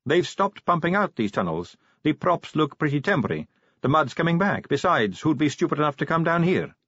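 A man voicing a gruff, prickly female werewolf sergeant who talks bluntly and curtly. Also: on the high side, big pitch swings, a little fast, a bit bright, no room sound, pitched above the performer's own voice, full character voice. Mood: brusque. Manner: blunt and curt. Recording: dull lo-fi recording.

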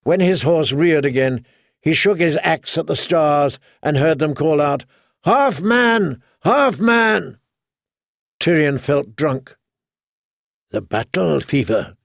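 A man narrating an audiobook in steady, dramatic storytelling. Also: mid-range voice, vocal fry, no echo, clean studio sound. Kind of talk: scripted narration.

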